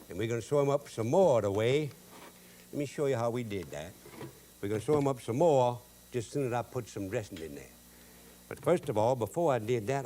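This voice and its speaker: A man's voice: medium pitch, dark tone, slight background noise. A man with a Cajun accent hosting a cooking show, drawling and joking in homespun, broken-grammar talk. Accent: Cajun English. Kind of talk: folksy cooking demonstration with jokes.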